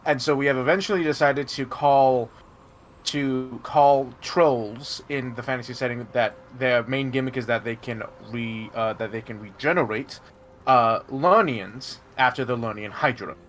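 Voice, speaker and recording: A man running a tabletop game as game master, explaining in a halting way full of fillers and restarts. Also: mid-range voice, a bit bright.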